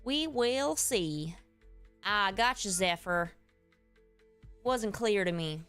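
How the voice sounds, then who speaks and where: A woman plays a folksy, easygoing streamer with a Southern accent, calling her chat "y'all" while she games. Her medium-pitched voice is animated, slow, fairly bright and smooth, and soft music plays behind her chatty banter.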